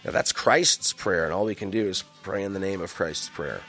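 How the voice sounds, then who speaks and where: Faint music plays behind a man whose low, slightly bright voice moves at normal speed as he reads from the Bible. He peppers the verses with joking, slang-filled remarks.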